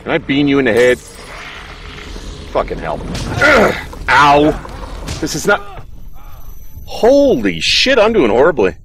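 A young man commentating his own horror game playthrough in a casual, animated way, cursing and laughing at his mistakes, with allergies that make him clear his throat. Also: a little high, a little slow, pauses often, a little hiss or hum. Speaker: gaming streamer. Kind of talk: casual let's play commentary.

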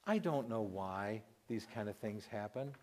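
Middle-aged man, heartfelt testimony, voice cracking with emotion, halting delivery. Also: fairly low pitch, animated, a little mellow. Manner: emotional, voice breaking, pausing and restarting. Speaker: Christian radio host telling a personal story.

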